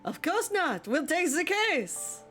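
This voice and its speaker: A woman doing a brisk bird lawyer. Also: very high-pitched, big pitch swings, fairly bright tone, soft background music, heavily acted. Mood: decisive. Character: confident male bird lawyer.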